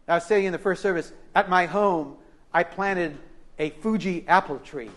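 A middle-aged man preaching a sermon to a church congregation, impassioned, swinging between loud declarations and hushed asides, acting out the voices he quotes. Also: sits high, normal speed. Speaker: pastor. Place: church service.

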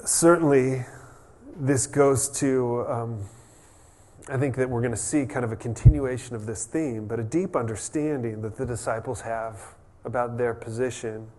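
A man preaching a conversational sermon as a pastor, relaxed and chatty, restarting sentences and adding humorous asides. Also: mid-range voice, moderate pace.

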